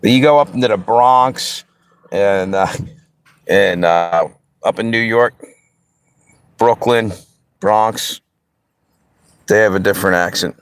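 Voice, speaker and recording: An easygoing man from the Pennsylvania and Delaware area hosts a live stream, rambling casually and speaking straight to the chat as he answers viewers. His voice is lowish and slow with frequent pauses, and the recording carries a little hiss or hum.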